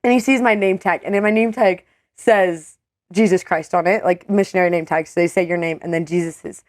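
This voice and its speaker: A young woman co-hosting a podcast, telling a story in a lively way, with many fillers and quoted voices. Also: fairly quick, no echo, clean studio sound. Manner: animated storyteller, many "like"s, acts out quotes in a higher voice. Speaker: co-host. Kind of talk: casual storytelling.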